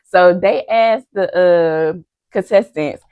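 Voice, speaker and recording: Slow and a little mellow, her voice on the low side, a young vlogger chats and gossips through a reality-TV recap, addressing viewers as y'all and acting out quotes. The sound is lo-fi with slight background noise.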